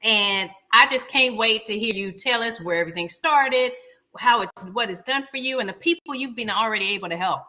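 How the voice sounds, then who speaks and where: A woman hosts a live stream, her voice sharp and bright. She sits a little high and introduces her guest in an upbeat way. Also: fairly quick. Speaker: host.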